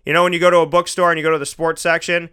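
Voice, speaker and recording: In a studio, a radio show host tells a story in a casual, animated monologue, acting out the voices of the people he quotes. He talks very fast in a fairly high voice that is clear and resonant.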